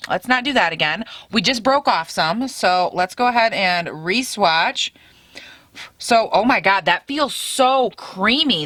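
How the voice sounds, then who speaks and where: A bright, excitable young woman talks through a makeup haul, calling her viewers "girl" like old friends. Her voice has a crisp, forward edge. It sounds dry and close to the mic. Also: mid-range voice, no room sound. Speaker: beauty vlogger. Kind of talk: casual makeup review.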